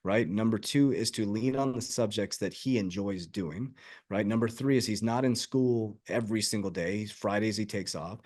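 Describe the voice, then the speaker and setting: A man's voice: on the low side, a little mellow. A man who works as a life coach, talking earnestly and emphatically in a podcast conversation.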